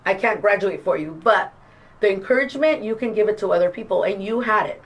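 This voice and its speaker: A woman who works at an adult school, chatting in a casual interview, encouraging and lively as she retells events with quoted dialogue. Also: mid-range voice, fast, poor audio. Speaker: adult school staff member.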